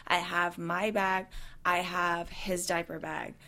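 A woman from South Africa, a guest telling an animated story with swearing and laughter in a casual chat. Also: lowish voice, slow pace.

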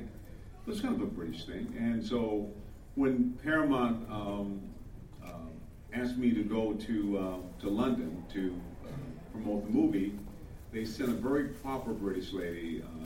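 Older man, low voice, chatty anecdotes, chuckles, distant mic in an echoey room. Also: normal speed, darkish tone, slight background noise. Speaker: actor. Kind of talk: panel Q&A storytelling.

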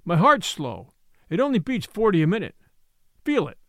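A man reads as a punch-drunk little ex-boxer, pitched higher than the narration and swooping. His talk is insistent and oddly cheerful, set close in a dry room. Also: wildly swooping pitch, normal speed, a bit bright, no echo, heavily acted. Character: battered little ex-prize fighter, man, unhinged. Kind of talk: audiobook reading.

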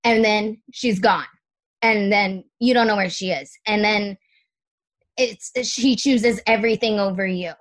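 A woman's voice: mid-range voice, unhurried. A young adult woman speaking as a podcast guest in casual, candid chat, full of "like" fillers and the odd swear word.

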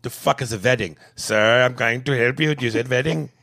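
A man's voice: medium pitch, a little fast, gravelly, sharp tone. A man voicing a harried male customer-service agent with a put-on Indian accent, pleading and insistent.

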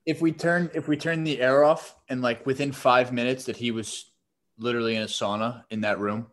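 A young man co-hosting a podcast, telling stories in casual, lively banter. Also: mid-range voice, brisk. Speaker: podcast co-host, pro baseball player. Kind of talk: casual chat.

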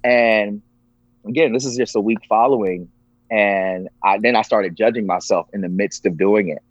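A man's voice: on the low side, steady tone, moderate pace, dry recording. A man sharing a personal story as a podcast guest, earnest and emotional. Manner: earnest, emotional, acts out quoted voices. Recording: dull lo-fi, dry.

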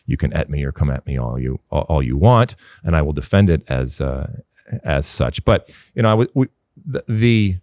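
A middle-aged man hosts a sports podcast in a casual, opinionated way, pushing his points with emphasis. His pitch swings widely as he argues, and the sound is dry and close. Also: big pitch swings, moderate pace, a little mellow, dry recording. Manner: emphatic, opinionated, with many fillers. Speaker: podcast host.

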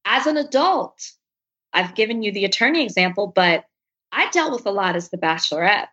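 A woman's voice: mid-range voice, brisk, breathy edge. A woman guest on an interview podcast, telling a personal story candidly and animatedly, acting out the lines of other people. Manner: animated, acts out quoted speech. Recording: dull lo-fi recording.

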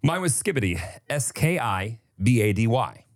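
A man's voice: mid-range voice, very animated, moderate pace, no echo. A man, a podcast co-host, who jokes in a dry, sarcastic way and swears freely. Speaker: podcast co-host, spelling bee contestant. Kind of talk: casual comedic chat.

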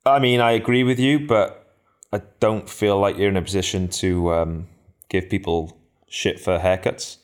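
A man's voice: sits low, steady tone, moderate pace, clear, resonant tone. A man co-hosting a podcast, trading jokey, teasing banter. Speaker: podcast co-host. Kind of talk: casual chat.

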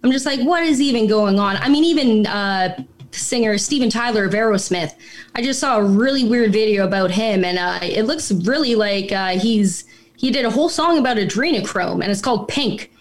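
A woman's voice: mid-range voice, animated, a little fast. A woman guest on a casual podcast chat who talks in a profane, rambling and incredulous way.

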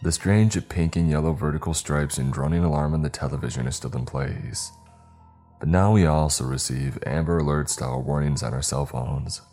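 A man narrating a story in a measured, somber way. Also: a bass voice, a little mellow. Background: faint music.

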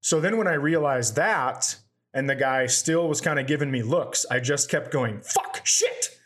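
Here a man of medium pitch speaks at a moderate pace, his tone a bit bright. He's one of the hosts of a comedy podcast, rambling through stories in relaxed chat and impersonating the people in them.

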